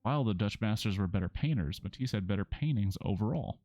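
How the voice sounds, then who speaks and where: A man's voice: lowish voice, animated, fast, mellow. A man voicing a pompous grown man who lectures grandly about art. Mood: lecturing. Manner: lofty, dramatic, grandiose.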